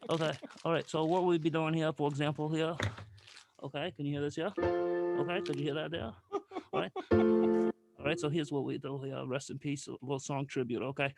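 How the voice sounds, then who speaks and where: A man's voice: on the high side, fairly even intonation, normal speed, gravelly, long pauses, over loud music. A man playing a bumbling, out-of-breath late-night host who rambles, says "okay" after every phrase and belts off-key songs. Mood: rambling. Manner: belts off-key song snippets. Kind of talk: comedic character bit.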